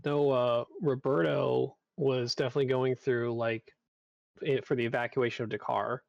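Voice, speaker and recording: Dude talking game design, kinda muffled lo-fi mic, dry, rambly. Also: male voice, medium pitch, steady tone, moderate pace, vocal fry, dry recording. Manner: rambling, many fillers. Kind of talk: casual panel talk.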